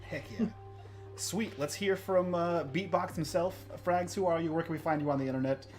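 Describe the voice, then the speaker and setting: Giggly laid-back game master. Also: male voice, on the high side, moderate pace, darkish tone, soft background music. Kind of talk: hosting a tabletop stream wrap-up.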